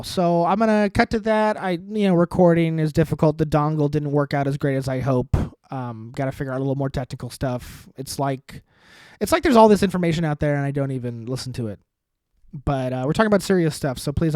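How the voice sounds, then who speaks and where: A man hosting a podcast, rambling through sardonic dark jokes in a casual monologue. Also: a little high, brisk, clear, resonant tone, dry recording. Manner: sardonic, dark deadpan humor with rambling asides. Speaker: podcast host.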